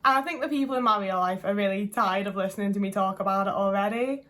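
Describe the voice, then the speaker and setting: A woman's voice: medium pitch, fast, fairly bright tone. A young woman chatting to camera in a rambling, gushing way, swearing casually as she goes. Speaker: vlogger.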